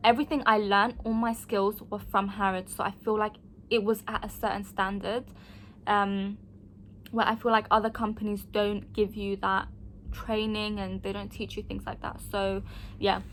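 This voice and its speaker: A woman, talking casually to camera as a vlogger and telling her stories in an animated, frank way. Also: medium pitch, normal speed, a little hiss or hum. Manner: animated storytelling, frank and emphatic, acts out quoted voices.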